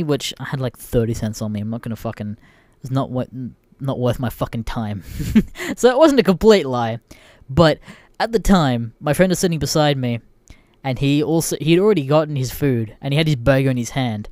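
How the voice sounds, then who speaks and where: A man's voice: mid-range voice, brisk, a little mellow, no echo, studio quality. A young Australian man hosting a podcast, telling a story casually with lots of swearing and laughter. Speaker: podcast host.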